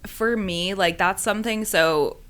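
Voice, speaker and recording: A young woman hosts a casual podcast chat in a bright, crisp voice at a middle pitch. She asks questions that run on and fills them with "like." Her tone stays easygoing. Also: measured pace. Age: young adult. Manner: chatty, many "like" fillers, asks rambling questions. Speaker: podcast host.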